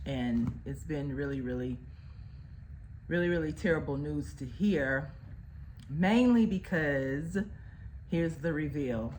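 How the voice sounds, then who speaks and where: A woman talks to her camera in a relaxed, unhurried way, her voice sitting low. She speaks chattily, with folksy asides and fillers. A faint hum of room noise sits behind her. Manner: chatty, uses "y'all" and fillers. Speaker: vlogger. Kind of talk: casual chat to camera.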